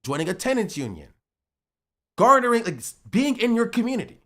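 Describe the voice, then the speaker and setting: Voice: medium pitch, very animated, a little fast, bright, forceful tone. Heated, profane streamer lecturing chat. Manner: lecturing, repetitive, profane, punchy. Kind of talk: heated livestream rant at chat.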